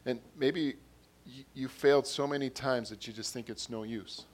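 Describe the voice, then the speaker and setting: Earnest in manner, this male preacher repeats lines and swells in volume when quoting or reading scripture. His mid-range voice stays steady, at a moderate pace.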